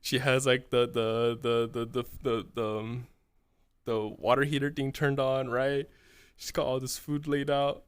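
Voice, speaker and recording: A man's voice: medium pitch, clear, resonant tone, no echo. Young man, twenties, casual storyteller, profane, rambling, dry close sound. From California. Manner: profane, rambling, fills every pause with "right?". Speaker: streamer.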